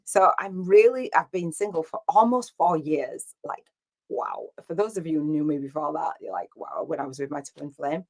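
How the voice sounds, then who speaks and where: A woman with a low voice talks through a casual solo podcast episode. She rambles from thought to thought with plenty of ums and acted-out bits of dialogue, speaking at an easy conversational pace. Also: expressive, moderate pace, creaky. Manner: rambling, storytelling with quoted dialogue and fillers. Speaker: podcast host.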